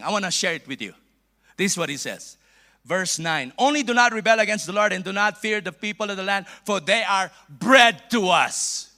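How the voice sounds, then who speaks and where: Animated, bright-voiced Filipino bishop preaching. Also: male voice, sits high. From Philippines. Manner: playful, animated preaching with laughs and asides. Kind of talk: sermon.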